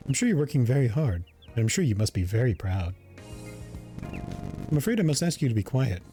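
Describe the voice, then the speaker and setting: A man's voice: mid-range voice, big pitch swings, fairly quick, music in the background, lightly acted. A man voicing a pompous chicken singer who thinks herself a star, talking in a haughty, grandiose way. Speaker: voicing a game character.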